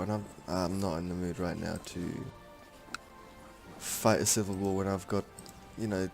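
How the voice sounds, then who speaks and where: A man's voice: sits low, gravelly, a little mellow. A man giving casual gameplay commentary on a strategy game, thinking aloud in a rambling, frank way. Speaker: strategy game let's-player.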